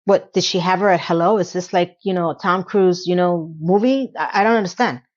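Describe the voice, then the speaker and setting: A woman's voice: lowish voice, fairly quick, darkish tone, dull audio. A woman recapping a TV episode, ranting with exasperated, incredulous rhetorical questions. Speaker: TV recap reviewer.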